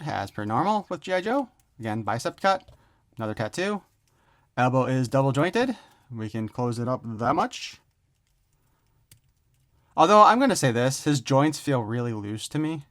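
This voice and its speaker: A man's voice: medium pitch, a bit bright. A man giving a casual, rambling toy unboxing review, joking around and swearing offhandedly.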